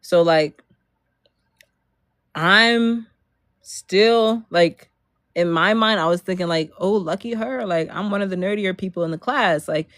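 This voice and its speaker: A young woman from Maryland telling a story straight to the camera. She rambles, piling on fillers and breaking into laughs as she goes. Her voice sits a little low for a woman. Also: slow pace, long pauses, a bit bright, no room sound. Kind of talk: storytime vlog.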